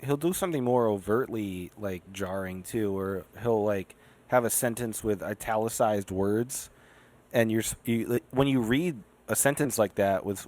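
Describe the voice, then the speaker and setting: A man casually explaining a point about a novel, padding with fillers as he searches for words. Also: fairly low pitch. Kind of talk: casual book discussion.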